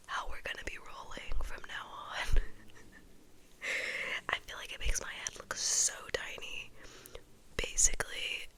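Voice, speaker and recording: A young woman with a cold, whispering a rambling, giggly ASMR chat. Her voice is congested and breathy. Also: slow, long pauses, pushed and bright. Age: young adult. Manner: rambling, giggly, self-deprecating. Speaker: ASMR creator.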